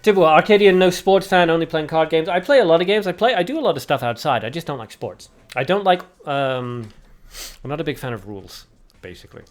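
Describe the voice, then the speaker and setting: Man, livestream host, card game commentary, chatty and jokey, excitable play-by-play. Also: on the high side, quick pace. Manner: chatty and jokey, banters with viewers. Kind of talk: live game commentary mixed with chat replies.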